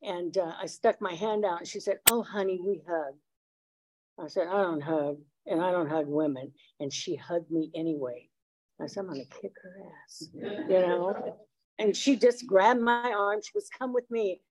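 A woman's voice: on the low side, steady tone, measured pace, rough recording. A middle-aged woman from Los Angeles sharing her recovery story at a meeting, blunt and streetwise, with lots of fillers. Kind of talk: personal recovery share.

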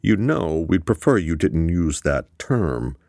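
A man's voice: sits low, big pitch swings, slow, darkish tone, no echo, studio quality, voice pushed up, exaggerated voice. A man doing a prim old New England tycoon. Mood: disdainful. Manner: clipped, hammering out each word. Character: older male pharma magnate, fussy and prim.

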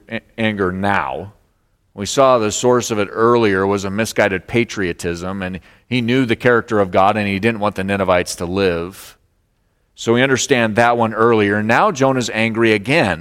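A male pastor preaching a sermon, expressive, acting out the lines of the story. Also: on the low side, normal speed, clear, resonant tone, big-room sound. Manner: expressive preaching, acts out voices of God and Jonah.

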